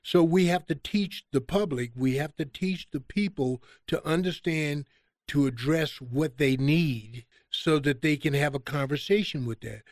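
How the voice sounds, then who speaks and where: A man's voice: a little high, no room sound, studio quality. A man, a podcast guest, talking conversationally and acting out quoted exchanges in a raised voice. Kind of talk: conversational storytelling.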